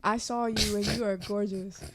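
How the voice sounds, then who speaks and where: A woman's voice: mid-range voice, steady tone, moderate pace. A young woman chatting playfully on a podcast and making jokes. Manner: playful, jokey. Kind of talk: casual chat.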